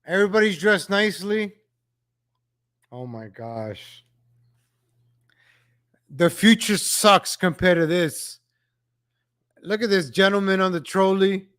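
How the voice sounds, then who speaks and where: A man's voice: high-pitched, fairly even intonation, moderate pace, a bit bright, clean tone. A man reacting to old street footage, ranting with exasperation and repeating his phrases over and over. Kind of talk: reaction commentary.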